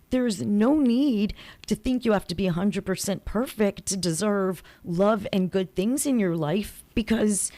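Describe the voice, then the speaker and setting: A woman's voice: on the low side, mellow. Candid, chatty woman podcast host in her forties. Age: 40s. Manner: candid, chatty, emphatic, laughs easily. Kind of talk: motivational monologue.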